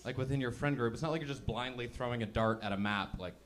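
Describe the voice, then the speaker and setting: A man doing stand-up on a club stage, talking in an easy, chatty way at a middle pitch. He mocks himself and keeps slipping into little put-on voices. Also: quick pace. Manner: chatty, self-mocking, acts out voices. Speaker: stand-up comedian. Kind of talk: stand-up comedy set.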